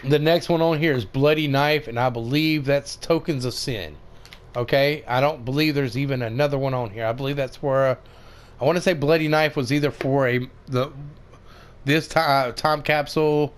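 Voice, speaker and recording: A man's voice: mid-range voice, moderate pace, clean tone. A man giving casual, rambling commentary over a game tutorial, with many fillers and restarts. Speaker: gaming video creator.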